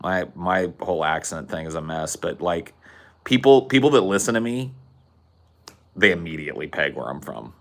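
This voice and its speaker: Man, Californian accent, very low voice, casual podcast talk, profane, rambling. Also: big pitch swings, moderate pace. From Central California. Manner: loose, profane, rambling with many "like"s. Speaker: podcast co-host.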